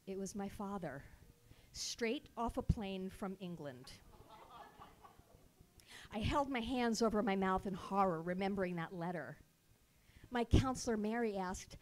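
A woman telling a comic personal story at a live show with sarcastic, animated delivery into a stage mic. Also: medium pitch, moderate pace.

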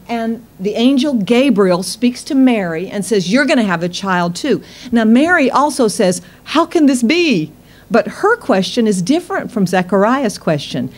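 A woman's voice: on the high side, a little mellow. A woman preacher giving a sermon, tired, with playful laughing asides and acted-out quotes.

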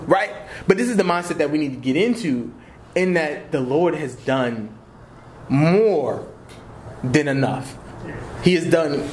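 Animated young man teaching church class. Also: a little high, slight background noise. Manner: conversational and animated, with quick laughs and slang. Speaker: Bible teacher.

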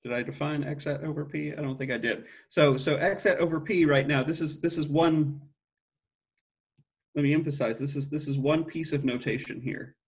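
A man's voice: on the high side, moderate pace. A middle-aged man giving an academic mathematics lecture, thinking aloud with frequent restarts and self-corrections.

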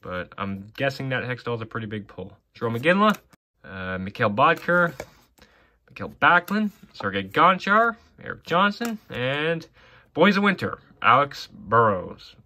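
A man with a bright, forward tone talks casually while he opens hockey card packs. He reads player names off one after another and drops offhand comments between them. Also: mid-range voice, big pitch swings, moderate pace. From Canada. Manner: reads names off cards in a running list with offhand asides. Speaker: card collector opening packs. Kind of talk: casual box-break commentary.

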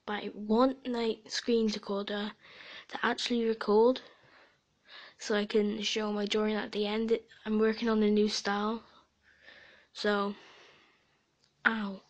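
A woman's voice: medium pitch, muffled recording. A young woman giving casual, giggly commentary while playing an online game, often dropping into whispered asides. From Sweden and Britain. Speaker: gaming video creator.

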